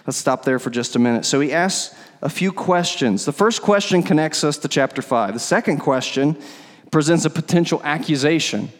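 A man's voice: a little high, normal speed. A man preaching a sermon as pastor, conversational and emphatic, often repeating words for stress. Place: church sanctuary. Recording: long hall reverb.

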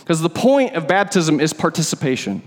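A man's voice: fairly high pitch, big pitch swings, normal speed. Male pastor preaching in a reverberant hall. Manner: conversational, emphatic, repeats words when stressing a point. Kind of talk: sermon. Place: church sanctuary.

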